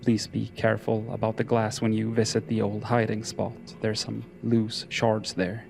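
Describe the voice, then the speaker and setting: A man narrating horror fiction in a slow, measured, solemn delivery. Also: fairly low pitch, completely flat delivery, creaky, a little mellow, faint music behind.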